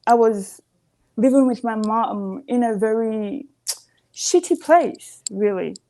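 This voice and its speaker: A woman's voice: a little high, slow, warm tone. A woman calling in to a live show, earnest and emphatic, often asking "you see". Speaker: caller. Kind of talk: call-in opinion.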